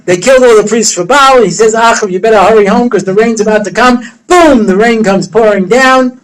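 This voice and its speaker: In a study hall, a rabbi lectures his students in a fairly high, fairly quick voice, telling a story with animated humor and slipping into the characters' voices. The recording is rough.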